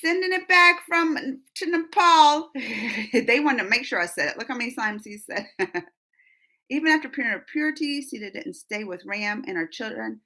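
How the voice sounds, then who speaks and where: A woman hosting a live-stream chat, reading viewer comments aloud and answering them in a lively, talkative way with frequent laughter. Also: fairly high pitch, normal speed. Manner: animated and chatty, laughs often, gasps. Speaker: reaction channel host.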